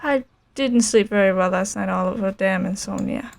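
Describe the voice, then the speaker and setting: A woman's voice: mid-range voice, normal speed, vocal fry, close to an everyday voice. A woman voicing a haughty, scheming middle-aged male noble who talks down to his ward, reading game dialogue aloud. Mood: smug. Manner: smug, condescending.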